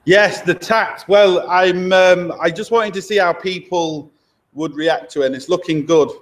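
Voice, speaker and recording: Man, live-stream chat, loose and chatty, garage workshop, camera mic. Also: sits high. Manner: loose and chatty, with fillers and quick asides. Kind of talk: casual live-stream chat, reading out viewer comments. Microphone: laptop or camera mic held by a helper.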